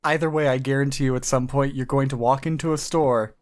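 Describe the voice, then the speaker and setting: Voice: medium pitch, steady tone, a little fast. A speaker on a casual podcast acting as game master, rambling and swearing casually. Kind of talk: casual chat.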